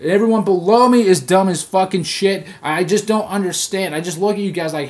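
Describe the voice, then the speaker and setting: A man who just turned thirty, hosting a solo rant podcast, swearing constantly and getting loud and heated as he vents. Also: high-pitched, brisk, hardly any pauses. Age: 30s. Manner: profane, venting, gets loud and heated when angry. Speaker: podcast host.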